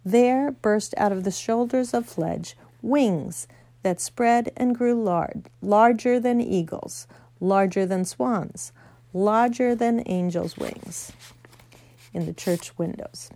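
A woman reading a children's novel aloud, gentle storytelling with small slips. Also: mid-range voice, takes it slowly, no echo. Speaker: narrator.

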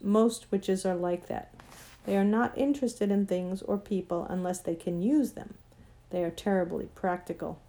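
A woman reads a children's storybook aloud as narrator, steady and gentle in her storytelling. Her voice is warm and mellow, never sharp or bright. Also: medium pitch. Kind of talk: audiobook narration.

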